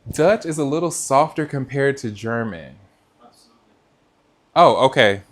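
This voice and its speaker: A male cooking livestream host chats casually from his kitchen, turning to viewers and reading their comments as he works. His middle-pitched voice is a little slow and comes through a mic with noise cancellation.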